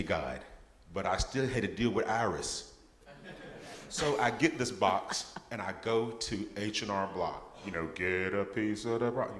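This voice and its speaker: In a church sanctuary, a man gives a guest testimony during a service, telling his story with humor and laughter. His voice is on the low side and a bit bright, and the recording echoes through the church hall.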